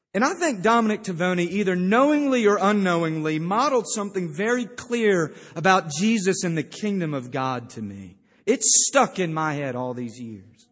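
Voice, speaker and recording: A man's voice: sits high, long reverb tail. A male pastor preaching a sermon, with emphatic storytelling. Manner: emphatic storytelling with acted-out quotes.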